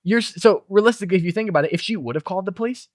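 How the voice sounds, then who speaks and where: A man's voice: sits high, rapid-fire, no echo. A man in casual review chat, picking apart a TV episode in an incredulous, ranting way. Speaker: podcast co-host.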